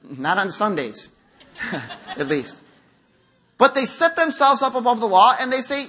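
A man's voice: sits high, sing-song, a little slow, pauses often, pushed and bright, slightly rough. A middle-aged man preaching a conversational sermon in a church, acting out quotes as he goes. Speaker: pastor. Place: church sanctuary.

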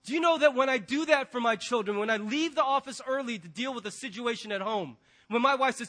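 A middle-aged man, a pastor, preaching a sermon and telling stories with animated quoted voices. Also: extremely high pitch, fairly quick.

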